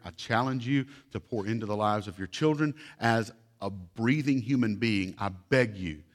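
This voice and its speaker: Earnest male pastor preaching. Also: lowish voice. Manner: earnest and pleading, repeats words for emphasis. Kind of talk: sermon. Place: church sanctuary.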